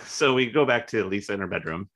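A man's voice: fairly low pitch, lively intonation, quick pace, a bit bright. A man co-hosting a podcast, making laid-back, wry remarks in casual chat. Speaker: podcast co-host. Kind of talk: casual chat, episode recap.

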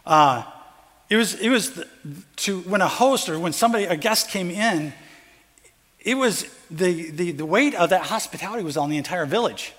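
A man's voice: high-pitched, lively intonation, normal speed, a bit bright. A pastor preaching a conversational sermon, acting out the parable's characters as he goes. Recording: long hall reverb.

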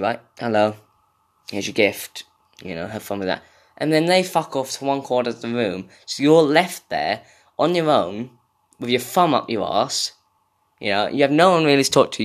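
A young man, host of a solo show, ranting in a sarcastic, sweary, rambling way. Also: mid-range voice. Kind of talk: casual comedic rant.

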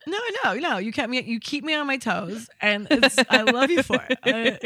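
Bright-voiced woman telling candid stories. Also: high-pitched, sing-song, takes it slowly, no echo, studio quality. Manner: candid, bawdy storytelling with frequent laughter. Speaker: podcast co-host. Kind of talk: casual chat.

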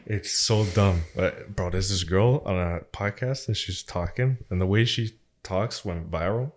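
A man from Toronto co-hosts a podcast in a casual, laid-back way, with a slightly low voice. He swears freely and laughs often as he chats. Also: a little slow. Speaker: podcast co-host. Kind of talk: casual chat.

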